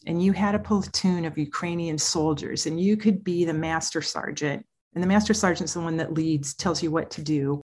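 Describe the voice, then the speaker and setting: An earnest woman speaking as a child therapist and parent coach, emphatic and animated as she explains her approach. Her voice sits somewhat low for a woman. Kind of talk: interview conversation.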